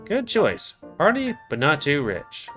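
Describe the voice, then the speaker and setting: A man's voice: on the high side, huge pitch swings, a little slow, over music, pitched above the performer's own voice. A man voicing an unflappable female squirrel barmaid in a put-on Scottish accent, chirpy and clipped, reading a visual novel aloud. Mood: breezy. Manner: chirpy, clipped, says "aye" often.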